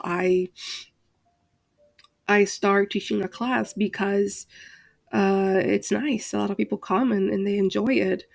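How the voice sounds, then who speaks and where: A woman vents to her channel in a casual, rambling way, full of fillers and restarts. Her voice is gravelly and flat, and she sounds tired and exasperated. The recording is dry and close. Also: medium pitch, dry recording. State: tired, up late. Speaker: channel host, Second Life roleplayer. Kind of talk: casual rant to camera.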